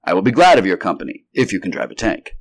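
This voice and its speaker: Brisk male doctor figure giving clipped orders, read by a man with a fairly low voice. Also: very animated, heavily acted.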